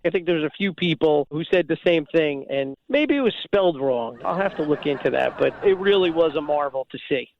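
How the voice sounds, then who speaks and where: A man's voice: on the high side, fairly quick, few pauses. Man telling stories over a dull line. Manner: animated storyteller, acts out quoted exchanges. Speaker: guest, former reality race contestant. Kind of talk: storytelling interview.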